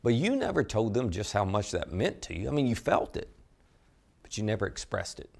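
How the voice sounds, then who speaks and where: A man preaching a sermon, telling a story with animated delivery and asking listeners direct questions. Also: on the low side, brisk, vocal fry. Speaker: pastor.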